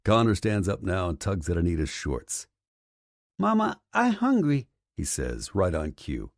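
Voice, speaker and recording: Male audiobook narrator, very deep voice with a lively, animated delivery. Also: moderate pace, no room sound, clean studio sound. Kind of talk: first-person audiobook narration.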